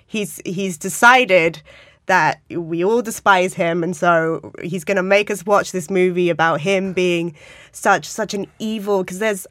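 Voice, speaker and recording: A woman's voice: lowish voice, unhurried, no room sound, clean studio sound. A young woman co-hosting a film podcast, giving opinionated takes casually and acting out sarcastic mock quotes.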